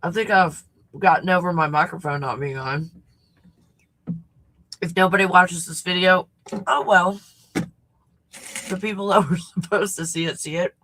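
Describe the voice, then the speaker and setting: A woman's voice: fairly low pitch, normal speed, long pauses, a bit bright, slight background noise. A woman hosting a casual livestream chat, snacking, reacting to viewer comments and swearing freely. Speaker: host.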